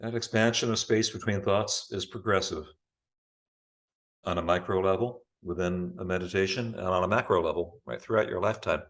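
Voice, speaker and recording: A man teaching a yoga class over a video call, giving calm, unhurried cues for breathing and poses. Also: deep voice. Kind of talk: guiding a live online yoga class.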